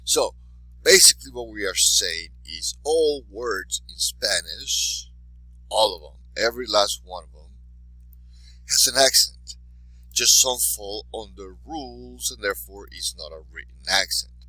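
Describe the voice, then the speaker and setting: A lower-pitched male Spanish teacher with a husky, forceful and bright voice, recorded dry and close. He encourages his students and models pronunciation by saying each word twice, slowly and with clear stress. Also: animated, dry recording, poor audio. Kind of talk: recorded class lesson for students.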